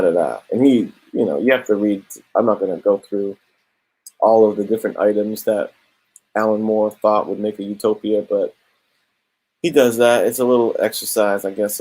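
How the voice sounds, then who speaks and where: A young man casually reviewing a comic book, talking in a relaxed, slangy way. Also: fairly low pitch, breathy edge, poor audio. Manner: laid-back slangy, drops "bro" and "straight up".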